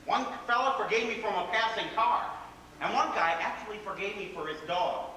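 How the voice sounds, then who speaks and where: Guy acting out a playful theatrical dreamer, high bright voice, stage play sound with long hall echo. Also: a little fast. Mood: delighted. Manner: theatrical, playful storytelling with grand flourishes. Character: whimsical, fast-talking, rebellious grown man. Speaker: stage actor. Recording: echoey theater hall from far off, faint noise.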